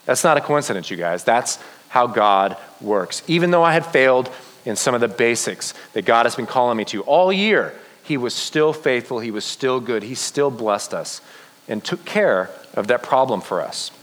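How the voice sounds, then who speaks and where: A man preaching a sermon to young people, telling a Bible story with lively acted-out quotes. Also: mid-range voice, moderate pace, long reverb tail. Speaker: youth pastor.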